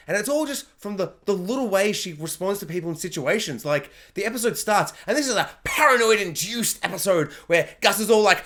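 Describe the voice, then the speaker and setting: A young man with a high, light voice talks through a TV episode recap. He rambles in a loose, chatty way, full of asides and little impressions of the characters. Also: expressive, a bit bright. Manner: chatty, rambling, quick to act out quotes. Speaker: TV review vlogger. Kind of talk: casual spoken recap and review.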